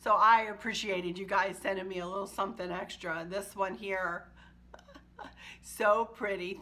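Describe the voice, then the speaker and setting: Gushing, bright-voiced woman vlogger. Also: medium pitch. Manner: warm, gushing and emotional, laughs often. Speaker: home decor channel host. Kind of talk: casual chat to viewers.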